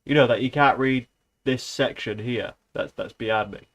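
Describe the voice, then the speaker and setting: A man's voice: medium pitch, normal speed. A man streaming himself reading a novel aloud, breaking off for sarcastic, sweary asides. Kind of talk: casual reading aloud with commentary.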